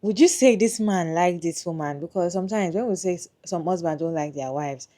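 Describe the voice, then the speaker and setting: Low, dark-voiced woman commentator. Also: fairly quick. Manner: emphatic, questioning, speaks directly to viewers. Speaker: reaction video host. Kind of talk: opinionated commentary.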